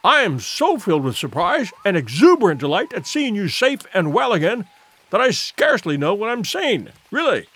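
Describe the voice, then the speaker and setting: A man voicing a flustered, nearsighted elderly male scholar who cries out in shrill, fussy, panicky bursts. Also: very animated, moderate pace, fairly bright tone, slightly rough, heavily acted.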